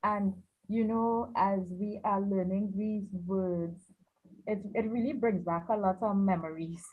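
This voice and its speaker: A reflective woman in casual radio chat, speaking slowly. Her voice is husky and the audio is muffled. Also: medium pitch, steady tone.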